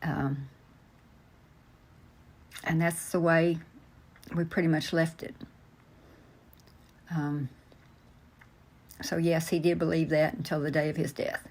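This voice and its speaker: Older woman, low voice, halting storyteller answering interview questions. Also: little pitch movement, a little mellow. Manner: slow, halting, many fillers and restarts. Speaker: interview guest.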